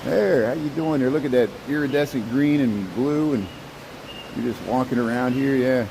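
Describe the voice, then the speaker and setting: A man's voice: mid-range voice, moderate pace, vocal fry, background noise. A man narrating a casual walking tour inside a zoo birdhouse, chatting to the birds and often repeating and trailing off his words. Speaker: vlogger.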